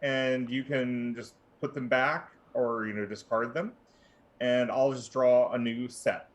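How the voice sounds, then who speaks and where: A man, a player in a tabletop game, describing his character in relaxed, rambling sentences with fillers. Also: mid-range voice, measured pace.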